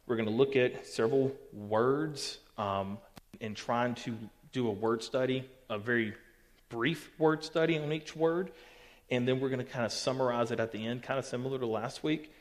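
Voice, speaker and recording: A man's voice: medium pitch, moderate pace. Man teaching a youth group in a reverberant hall. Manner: casual, teasing and joking with listeners. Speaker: youth pastor. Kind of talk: youth group Bible lesson. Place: church hall. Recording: long reverb of a church hall.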